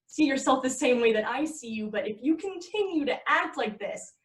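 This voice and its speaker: Reading the role of a weary, exasperated girlfriend on a night drive, a woman scolds firmly during a film table read. She has a high-pitched, lively voice at a moderate pace, captured far from the mic in an echoey room.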